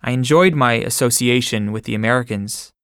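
Audiobook memoir reader, male, measured and steady, dry close recording. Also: medium pitch, dry recording. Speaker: audiobook narrator. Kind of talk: first-person memoir narration.

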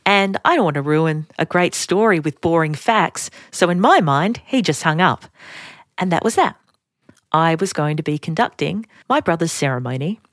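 A woman's voice: low voice, expressive, normal speed, no echo, clean studio sound. A middle-aged woman with an Australian accent, hosting a podcast and telling personal stories in a chatty, self-deprecating way. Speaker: podcast host. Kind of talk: personal storytelling.

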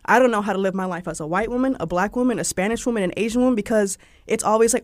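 A woman's voice: mid-range voice, very fast, dry recording, studio quality. A young woman from Georgia with a Southern accent, telling personal stories in a chatty interview with lots of "like" fillers. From Georgia, USA. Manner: chatty, frequent "like" fillers, animated quoted voices. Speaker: interview guest. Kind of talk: casual personal storytelling.

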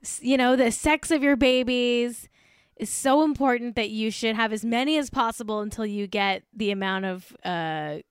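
A woman co-hosting a comedy podcast, rambling and gushing in casual chat. Her voice sits fairly high, and the recording is dry and close. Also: moderate pace, smooth, no echo. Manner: gushing, full of likes, with frequent laughs. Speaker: podcast co-host.

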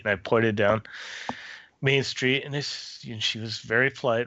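A man's voice: medium pitch, steady tone, normal speed, bright, forceful tone, no room sound, dull audio. Hesitant man telling a ghost story. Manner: hesitant, with many restarts and fillers. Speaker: former theme park custodial worker, guest author. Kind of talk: casual storytelling in a podcast interview.

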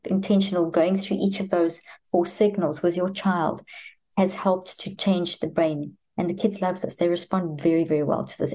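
A woman's voice: on the low side, warm tone. A woman guest expert on children's mental health, answering interview questions methodically, step by step. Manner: methodical, step-by-step, acts out parent and child dialogue.

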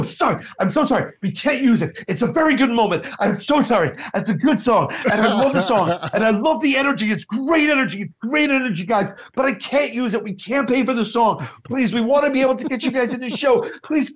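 Brief: a man playing a frazzled male TV director, pitched way up, pleading and sorry. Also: a little hiss or hum. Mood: frantic pleading. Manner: pleading, rapid-fire apologies. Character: frantic apologetic male TV director.

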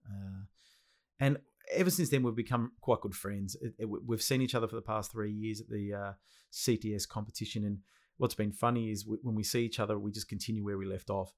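A man's voice: fairly low pitch, fairly even intonation, fairly quick, darkish tone. Enthusiastic Australian man hosting a podcast. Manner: enthusiastic, slangy, repeats himself. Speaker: podcast host. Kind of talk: casual podcast interview.

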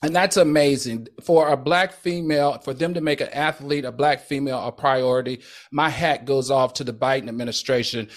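A man's voice: medium pitch, brisk. A man co-hosting a casual news talk show, making his points with emphatic, punchy delivery. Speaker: co-host.

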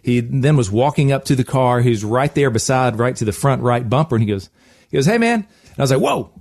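A man hosting a radio show, telling a lively personal story with frequent laughs. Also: medium pitch, fairly quick, no echo, studio quality.

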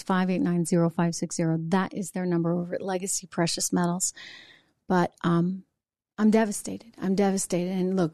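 A middle-aged woman hosts a political talk show, speaking with emotional indignation and pausing to answer viewer comments. Her voice is mellow and a little low. The recording is dry and close. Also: no room sound.

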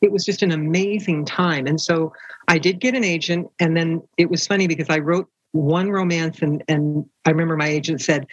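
A woman's voice: deep voice, normal speed, dry recording, highs cut off. An older woman, a romance author, telling stories in an interview and acting out the voices of the people she quotes. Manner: animated, acts out quoted voices. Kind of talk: storytelling interview.

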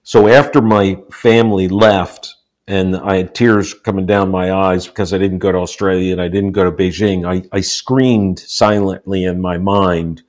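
A man in his sixties from the United States, a guest telling personal stories in a relaxed interview and acting out the quotes. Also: normal speed. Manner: animated storyteller, acts out quotes with rising pitch. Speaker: guest, author. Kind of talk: storytelling in a casual interview.

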